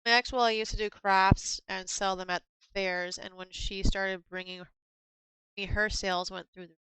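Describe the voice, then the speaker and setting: Brief: woman streamer, bright and crisp, blunt and laughing, dry close sound. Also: mid-range voice, level tone, normal speed, no room sound, low-quality recording. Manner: blunt, laughs often, swears casually. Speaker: streamer and craft vendor. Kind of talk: casual live-stream chat.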